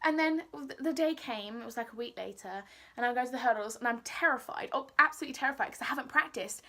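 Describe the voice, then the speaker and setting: A woman tells a story in a high, light voice. She is animated and casual, acting out the other people in it. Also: fast. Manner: animated, acts out what people said. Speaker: vlogger.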